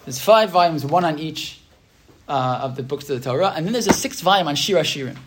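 A man teaching a class, reading texts aloud slowly and explaining them, often checking in with "right?". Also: on the high side, expressive, breathy edge. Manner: reads Hebrew texts slowly then explains. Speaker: Torah teacher. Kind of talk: text-based class lecture.

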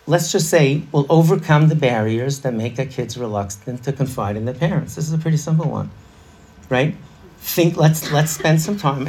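A man's voice: medium pitch, a little mellow, breathy edge. A middle-aged man leading an interactive parenting workshop, chatty and laughing, quizzing a live audience.

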